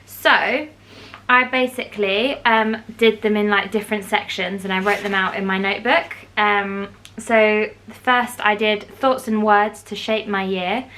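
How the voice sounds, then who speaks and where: A young woman chats casually into her phone, playful and quick to laugh. Her voice sits at an ordinary middle pitch. Street and traffic noise runs clearly behind her. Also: fairly even intonation, sharp tone. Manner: chatty, playful, laughs often. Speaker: vlogger. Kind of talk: casual vlog chat. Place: outdoors on busy city streets and in a café. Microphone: phone camera.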